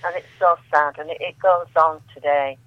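A woman on the phone reading her poems aloud with measured, emphatic delivery. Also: deep voice, steady tone, a little hiss or hum. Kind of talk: poetry reading over the phone. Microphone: telephone. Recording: tinny dry phone line.

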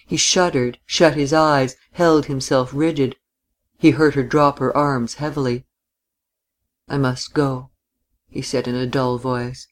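A narrator reading a novel aloud in a measured, quiet, steady way. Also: medium pitch.

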